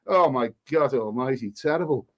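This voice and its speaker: A man's voice: medium pitch, lively intonation, normal speed, dull audio. A man hosting a casual live stream, reading viewers' comments aloud and answering with cheeky banter and frequent restarts. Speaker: travel vlogger reading live chat.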